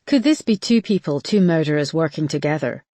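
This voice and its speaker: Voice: medium pitch, fairly quick, no room sound, natural voice. A big, unflappable Scottish detective constable, laying out his theory in an easy, reasoning way, as an audiobook narrator puts him on. The read is close-miked and dry. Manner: relaxed, reasoning aloud. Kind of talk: audiobook character voice.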